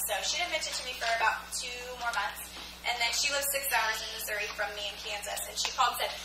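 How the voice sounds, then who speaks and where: High-voiced woman in a noisy echoey hall. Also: fast talker. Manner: animated storyteller who voices her friends; self-described sarcastic. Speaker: speaker at a sales training event. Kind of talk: motivational business talk. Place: event hall. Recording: echoey hall from far off with noise.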